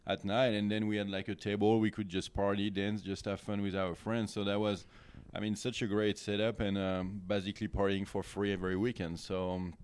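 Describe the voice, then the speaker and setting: A man's voice: on the low side, level tone, brisk, few pauses, clean tone. A man telling a story in casual chat, rambling with many fillers and restarts. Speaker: guest.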